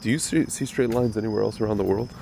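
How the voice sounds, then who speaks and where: Deep gravelly man, slightly nasal. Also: quick pace, warm tone, slight background noise. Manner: talks directly to viewers, rambling and opinionated. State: slightly nasal from a recent cold. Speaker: religious commentary host. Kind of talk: casual commentary monologue.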